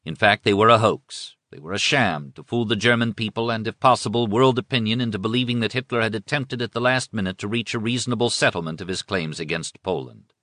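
A man reading a history book aloud as scripted narration, in a measured, formal way. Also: lowish voice, pushed and bright, no room sound, studio quality. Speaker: audiobook narrator.

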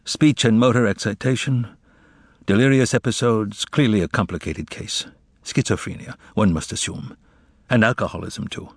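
A man's voice: a little high, huge pitch swings, unhurried, darkish tone, no room sound, studio quality, voice pushed up. A man voicing a weary male asylum doctor who speaks listlessly and clinically. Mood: calm clinical.

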